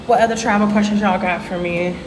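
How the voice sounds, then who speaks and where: A woman's voice: mid-range voice, steady tone, a little fast. Chatty woman livestreaming on a noisy phone. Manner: chatty, addresses viewers as y'all, swears casually. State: out of breath. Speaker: travel livestream host. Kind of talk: casual livestream chat while walking.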